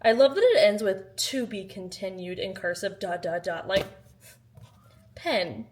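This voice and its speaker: Chatty high-voiced woman, slow and animated. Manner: chatty and animated, swinging between loud exclamations and quiet asides. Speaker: book vlogger. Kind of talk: casual vlog chat. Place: at home, in her kitchen.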